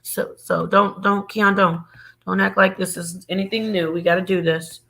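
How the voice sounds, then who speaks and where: Bright-voiced playful woman streamer. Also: on the low side, steady tone, normal speed, creaky. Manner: loud, playful, joking, breaks into sing-song. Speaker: livestream host. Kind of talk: casual livestream chat.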